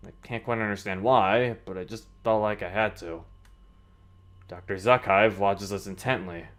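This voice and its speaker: Brief: male streamer, narrates the game and reacts loudly with lots of laughter. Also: lowish voice. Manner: animated reactions, frequent laughter. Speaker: streamer reading a game aloud. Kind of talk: live stream reading with reactions.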